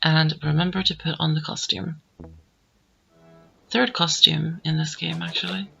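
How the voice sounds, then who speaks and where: A woman chatting casually over her gameplay, rambling with plenty of fillers. Her voice is bright with a strong vocal fry. Faint game music plays behind her. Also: low-pitched, level tone, unhurried, muffled recording. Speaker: gameplay commentator. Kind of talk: casual let's-play commentary. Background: game audio.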